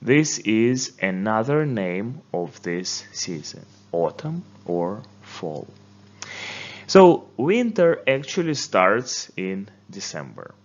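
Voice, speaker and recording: A man teaching a beginner English lesson, speaking slowly and patiently and repeating words for learners to say along. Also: lowish voice, very animated, dull audio. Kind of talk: slow, deliberate language lesson.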